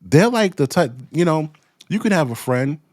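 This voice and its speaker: Male host, swears a lot, animated delivery, dry close mic. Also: a little high, moderate pace, dry recording. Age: adult with children. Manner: profane, slangy, heated. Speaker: commentary host. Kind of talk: ranting commentary.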